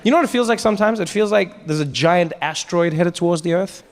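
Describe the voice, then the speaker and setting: A man's voice: high-pitched, fast. A South African man performing a stand-up comedy set, telling stories animatedly and acting out voices. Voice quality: animated storytelling, acts out voices. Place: stage in a large hall with live audience. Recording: live hall reverb with audience noise.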